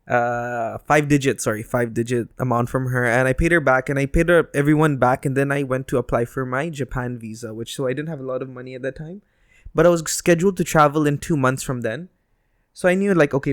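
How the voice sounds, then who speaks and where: Brief: man co-host, mid pitch, hesitant storyteller, dry close mic. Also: fast, no room sound. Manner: storytelling, hesitant with many uhs. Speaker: podcast co-host. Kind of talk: casual chat.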